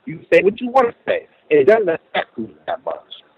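A man's voice: fairly high pitch, a little fast, slightly rough, dry recording, muffled recording. Man telling a story, lots of "you know". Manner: animated retelling with quoted dialogue, frequent "you know". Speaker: caller. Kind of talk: casual storytelling.

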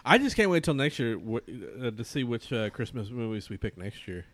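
Lively skeptical male co-host. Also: medium pitch, a little fast, dry recording. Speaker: podcast co-host. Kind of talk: casual chat.

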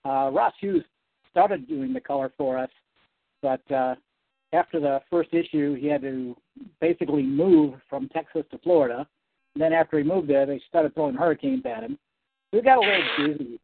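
A man, a comic book writer, talking as a guest in a casual interview, animated and rambling. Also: a little high, moderate pace, vocal fry, no echo. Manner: animated, rambling, self-correcting. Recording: dry, tinny phone-like sound.

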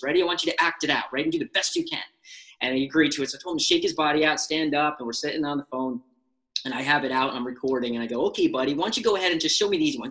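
Quick-talking guy, a bit high-pitched, life coach telling a story on a radio show. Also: low-quality recording. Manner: animated storytelling, acts out quoted lines. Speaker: life skills coach, guest. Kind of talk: casual radio show interview.

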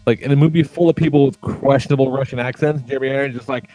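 A man's voice: medium pitch, steady tone, fast talker, dark tone. A man chatting casually on a podcast, swearing freely and rambling with lots of fillers as he tells stories. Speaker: podcast co-host.

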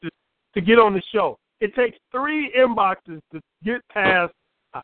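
A man's voice: high-pitched, lively intonation, unhurried, no echo. A man guesting on an interview, telling stories animatedly and laughing a lot. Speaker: guest poet. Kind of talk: casual interview chat. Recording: tinny phone line, dry.

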